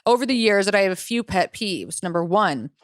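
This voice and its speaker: A woman's voice: medium pitch, lively intonation, brisk, no echo, clean studio sound. A young adult woman co-hosting a podcast, bluntly reading and ranting through complaints with plenty of swearing. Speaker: podcast co-host. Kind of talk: casual chat.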